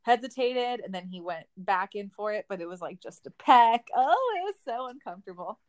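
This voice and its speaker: A woman in her twenties, co-hosting a casual recap podcast, chatting in a relaxed, self-deprecating way. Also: medium pitch, normal speed. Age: 20s. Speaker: podcast co-host.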